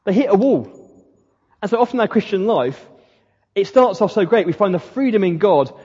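A man's voice: high-pitched, animated, fairly quick, mellow, slightly rough. A man preaching a sermon in a conversational way, with slips and restarts. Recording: dull lo-fi sound in a reverberant hall.

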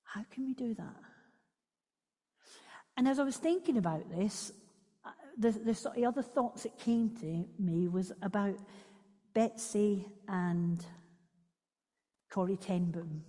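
A woman giving a devotional talk and reading from a book, gentle and unhurried with small stumbles. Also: mid-range voice. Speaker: devotional speaker. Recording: long reverberant echo.

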